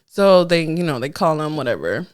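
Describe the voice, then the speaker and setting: A woman co-hosting a podcast, telling a story in casual chat, animated and dropping in Spanish words. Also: low voice, normal speed. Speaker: podcast co-host.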